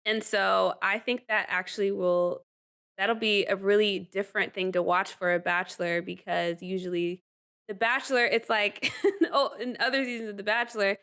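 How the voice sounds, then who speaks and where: Woman, co-host, casual reaction chat, animated, laughs often, lots of "like" and "um", mid pitch. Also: clean tone.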